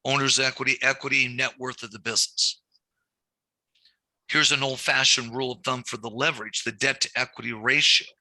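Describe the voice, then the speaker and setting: Guy teaching a small business lending class, really bright voice, dry close mic, repeats stuff a lot. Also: medium pitch, fairly quick, no echo. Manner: animated storytelling, repeats key points. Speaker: banking instructor. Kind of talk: classroom lecture.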